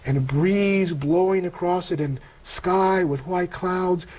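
A man's voice: sits high, darkish tone, low-quality recording. Earnest older man telling his story. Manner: earnest, reflective storytelling with halting restarts and quoted dialogue. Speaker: interview guest telling a conversion story. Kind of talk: personal testimony in conversation.

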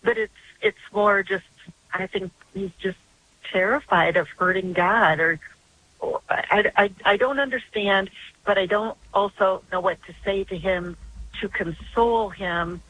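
A woman's voice: medium pitch, measured pace, dull audio, slight background noise. An older woman calling in to a radio show by phone, telling a long story in an earnest, rambling way. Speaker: caller.

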